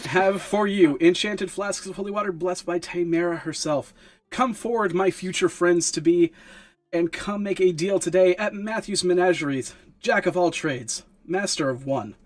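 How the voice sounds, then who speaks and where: A man's voice: moderate pace, natural voice. A man voicing a showy merchant who grandly hawks enchanted flasks to a crowd like a carnival barker. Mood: grandiose. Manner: booming carnival-barker pitch. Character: showy male merchant hawking potions, grandiose.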